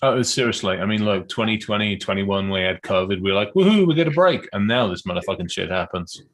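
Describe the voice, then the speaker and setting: A man co-hosting a casual podcast, animated and sarcastic. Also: low-pitched, a little fast. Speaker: podcast co-host. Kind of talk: casual chat.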